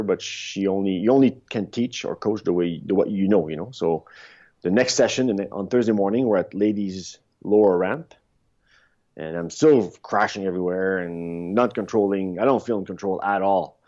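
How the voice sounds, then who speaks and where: A man in his fifties, a podcast guest, telling rambling, animated stories in a casual interview, with frequent restarts. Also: low-pitched, moderate pace. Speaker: podcast guest, former luge athlete. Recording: dull lo-fi sound.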